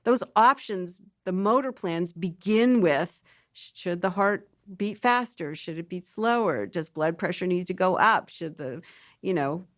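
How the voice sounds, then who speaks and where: A woman scientist guest explaining how emotions work in a relaxed podcast conversation, thinking aloud with restarts and playful asides. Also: lowish voice, no echo, studio quality.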